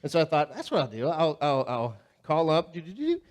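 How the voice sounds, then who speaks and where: A man's voice: fairly high pitch, huge pitch swings, fairly quick. A pastor with a slightly raised voice preaches in a church, loose and conversational. He tells funny everyday stories with animation and keeps turning questions back to the listeners. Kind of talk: sermon with humorous storytelling. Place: church sanctuary.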